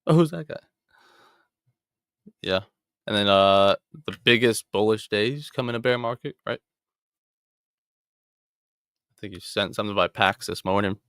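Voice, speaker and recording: A man's voice: fairly low pitch, moderate pace, long pauses, fairly bright tone, clean tone, no echo, studio quality. A young man hosting a casual chat about trading, loose and joking as he scrolls through charts. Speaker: trading show host. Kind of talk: casual chat reviewing trades.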